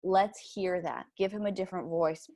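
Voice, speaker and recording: A woman's voice: on the low side, steady tone, normal speed, dark tone. A woman hosting a comedy show, giving mock-earnest notes in an upbeat, playfully overconfident way.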